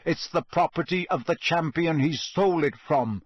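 A man voicing a gruff, suspicious old male wizard who mutters bluntly. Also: a little high, normal speed, no room sound, pitched above the performer's own voice. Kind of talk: audiobook character voice.

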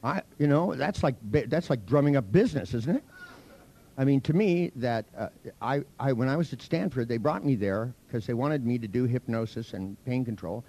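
Male hypnosis instructor, gravelly voice, swoops up and down a lot, crude teasing storyteller in front of a crowd. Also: mid-range voice, expressive, normal speed, warm tone. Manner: blunt, profane, teasing storyteller. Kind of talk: seminar lecture with anecdotes.

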